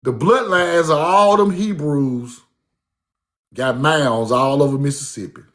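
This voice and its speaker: A man telling stories about his grandmother in a casual monologue. He is animated and profane, and he repeats himself for emphasis. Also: on the high side, a little slow. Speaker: speaker recounting his grandmother's teachings.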